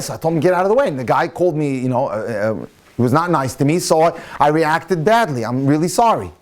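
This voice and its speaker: Animated rabbi telling a story. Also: male voice. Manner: animated storyteller, swings into excited high-pitched quotes. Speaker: rabbi lecturer. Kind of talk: storytelling sermon.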